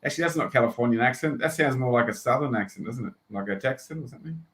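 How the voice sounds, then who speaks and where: A man's voice: medium pitch, lively intonation, very fast, a bit bright, low-quality recording. Easygoing Australian man on stream. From Western Australia. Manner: easygoing, laughs often. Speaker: livestream co-host. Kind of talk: casual live-stream chat. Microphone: laptop webcam.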